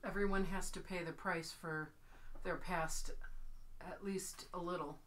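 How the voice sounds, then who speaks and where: A woman taking part in a tabletop fantasy game who speaks in character with earnest persuasion. Her voice sits very low for a woman but has a bright, clear edge. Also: fairly even intonation, unhurried. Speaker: player. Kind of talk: in-character roleplay.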